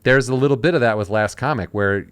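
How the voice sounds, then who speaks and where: A man's voice: mid-range voice, fast, clean tone, dry recording. A man hosting a casual podcast chat, telling stories and acting out the people he quotes. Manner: storytelling, acting out quoted voices. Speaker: podcast host.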